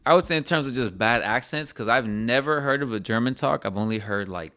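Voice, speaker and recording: A man's voice: mid-range voice, a little fast, sharp tone. A man co-hosting a podcast in casual, rambling chat, laughing often as he talks. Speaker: podcast co-host.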